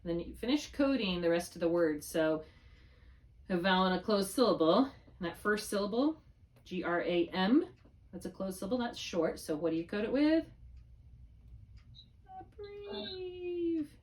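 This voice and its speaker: A woman's voice: lowish voice, expressive, normal speed, a little mellow. A middle-aged woman tutoring a student in spelling, patient and encouraging, drawing out syllables to model them. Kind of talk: one-on-one spelling lesson.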